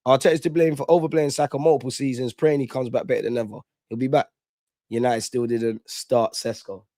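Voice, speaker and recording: A man's voice: medium pitch, steady tone, fairly quick, dark tone, no echo, clean studio sound. A young man, chatting casually and animatedly on a live fan stream, full of slang. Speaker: fan channel host.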